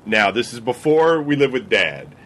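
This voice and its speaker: Lively-voiced man asking questions. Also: medium pitch, moderate pace, slight background noise. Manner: questioning, hesitant with fillers. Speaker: podcast co-host asking questions. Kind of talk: casual chat.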